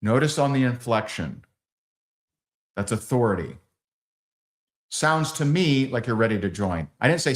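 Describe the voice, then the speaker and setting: A man leading a live sales training, acting out both sides of sales calls in lively quoted dialogue. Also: mid-range voice, unhurried, pauses often.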